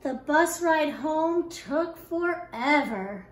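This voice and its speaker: A woman kindergarten teacher reading a picture book aloud with expressive, animated storytelling. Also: high voice, slow. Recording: echoey room.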